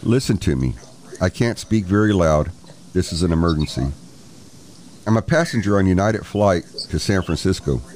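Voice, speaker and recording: A man reading the part of a frightened male airline passenger who speaks in a hushed, urgent voice. His tone sits somewhat above the reader's usual deep register. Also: animated, moderate pace, slight background noise.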